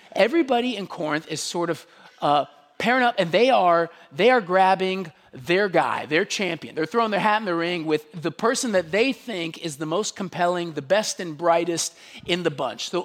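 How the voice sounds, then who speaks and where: An animated male pastor delivering a sermon, his pitch riding high and swinging widely. His voice carries a husky grain as he acts out little asides to drive points home. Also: big-room sound.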